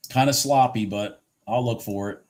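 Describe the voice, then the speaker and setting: A man's voice: mid-range voice, moderate pace. Frustrated man trading live on stream. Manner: frustrated, swearing, talking to himself and chat; laughs at himself, repeats phrases. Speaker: livestream futures trader.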